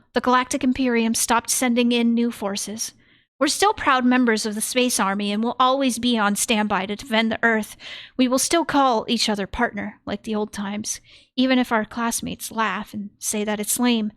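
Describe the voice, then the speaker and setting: An earnest anime schoolgirl reminiscing, as a woman puts on a cartoonish voice. Her higher, sing-song delivery stays bright and storybook-like. The sound is close and dry. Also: steady tone, normal speed, no echo, natural voice. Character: earnest anime schoolgirl recalling childhood games. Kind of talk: reading in-game diary in a put-on voice.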